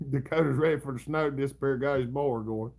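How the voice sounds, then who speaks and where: A middle-aged man with a Southern US accent hosts a casual livestream, reading comments in a drawling, chuckling, folksy way. His mid-range voice is creaky and a little mellow, and he talks fast.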